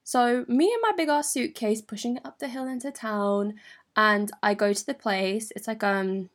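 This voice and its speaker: A young woman from London with a London accent, telling a personal story in a candid, animated, sweary way full of slang. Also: on the high side, normal speed. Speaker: vlogger. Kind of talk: storytime monologue.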